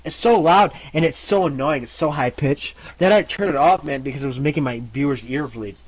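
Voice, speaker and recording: A man's voice: fairly high pitch, a little fast, dry recording, poor audio. A man streaming games, telling rambling, profane stories in casual chat. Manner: rambling, profane storytelling with restarts.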